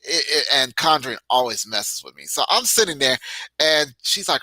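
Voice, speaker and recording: A man's voice: mid-range voice, moderate pace, no echo, rough recording. A man co-hosting a combat sports podcast, giving casual, emphatic opinions and stories. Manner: animated, emphatic storytelling. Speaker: podcast co-host.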